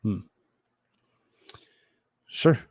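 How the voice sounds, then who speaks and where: Male streamer, unhurried, mocking, dry close sound, chuckles between remarks. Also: darkish tone, no room sound. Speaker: livestream host. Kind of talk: live commentary while reading a transcript aloud.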